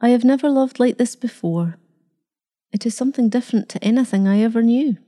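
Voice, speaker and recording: An older grandmother speaking firmly and steadily, with a warm, low-toned voice, as a woman reads her lines. Her voice stays close to the narrator's own. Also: a little fast, natural voice. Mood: earnest. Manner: firm and steady. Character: older grandmother, firm and loving.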